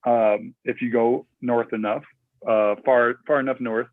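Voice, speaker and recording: A man's voice: mid-range voice, fairly even intonation, unhurried, dry recording. A man from Minnesota, a podcast guest, chatting casually and rambling with lots of fillers and restarts. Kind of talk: casual interview chat. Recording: tinny phone-like remote line.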